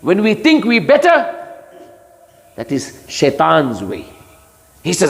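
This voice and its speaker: A man's voice: big pitch swings, slow pace, long pauses. Emphatic male preacher in a reverberant hall. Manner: emphatic, rising to high pitched rhetorical challenges, chants Arabic verses. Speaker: Islamic scholar giving Quran commentary. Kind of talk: sermon.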